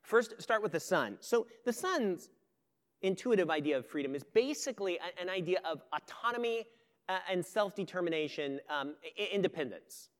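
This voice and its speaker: A man's voice: sits high, expressive, normal speed. A man, a pastor, giving a sermon in a conversational, storytelling way.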